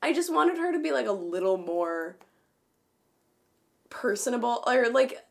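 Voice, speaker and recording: A woman with a raised pitch chats casually as a co-host. She chimes in with quick agreement and laughter, then talks her way through her own take on the film. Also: very animated, gravelly. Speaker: podcast co-host. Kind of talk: casual chat.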